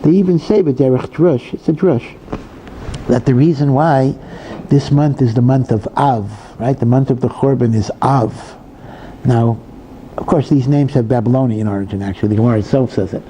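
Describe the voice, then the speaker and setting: A male rabbi teaches in a very dark, mellow voice, talking casually with frequent asides and restarts. There is a faint hiss behind him. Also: mid-range voice, normal speed, poor audio. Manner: conversational, many asides and repetitions. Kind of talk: Torah lecture.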